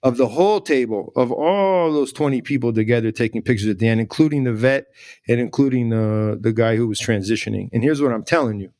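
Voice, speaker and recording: A man's voice: medium pitch, brisk, darkish tone, no echo, clean studio sound. A middle-aged man, a podcast guest, telling a story with emphatic repetition and rising emotion. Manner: emphatic, repeats words for emphasis, emotional at times. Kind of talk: animated storytelling in conversation.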